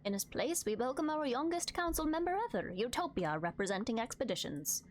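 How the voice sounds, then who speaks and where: A woman voicing a serene older female colony governor giving a formal, calm speech in a game read-aloud. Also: on the high side, brisk, a little hiss or hum.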